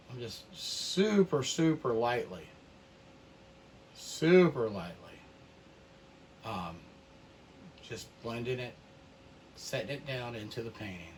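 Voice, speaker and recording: Slow easygoing man teaching painting. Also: medium pitch, darkish tone, a little hiss or hum. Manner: slow, easygoing, talks to himself while working. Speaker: painting instructor. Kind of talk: relaxed paint-along tutorial.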